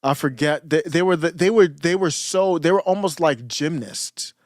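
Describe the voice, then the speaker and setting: A man with a slightly higher voice co-hosts a podcast in casual conversation. He rambles nostalgically, trailing off mid-thought and starting over. The recording is dry and close. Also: moderate pace, no room sound. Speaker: podcast co-host. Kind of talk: casual chat.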